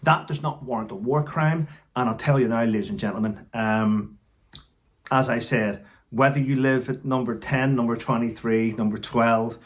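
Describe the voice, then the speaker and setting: A man's voice: mid-range voice, steady tone, moderate pace. A man, an army veteran, recounting war stories bluntly and emphatically, swearing and restarting.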